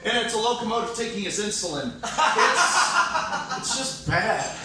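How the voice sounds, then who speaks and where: A man's voice: high-pitched, big pitch swings, a little slow, bright, forceful tone. A man in his thirties doing a self-mocking stand-up comedy set on a hotel comedy stage. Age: 30s. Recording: echoey room from far off, faint ambience.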